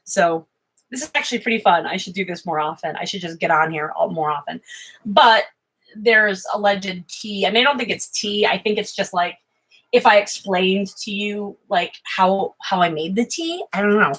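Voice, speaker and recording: Rambling bright-voiced American woman. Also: mid-range voice, moderate pace, slightly rough, poor audio. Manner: rambling, self-interrupting, swearing freely. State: high. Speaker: vlogger. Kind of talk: rambling casual livestream chat. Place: home office.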